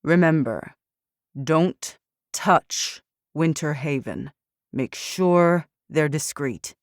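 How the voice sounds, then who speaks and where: A man's voice: a little high, very slow, no room sound, clean studio sound. A woman voicing a seething, commanding general. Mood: cold command. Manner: spits orders through gritted teeth. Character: ruthless proud general, tightly controlled rage.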